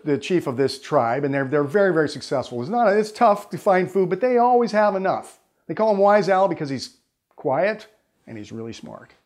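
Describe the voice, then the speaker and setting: A man, a sales trainer, telling a parable in a lively, conversational way. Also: on the high side. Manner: animated, conversational storytelling.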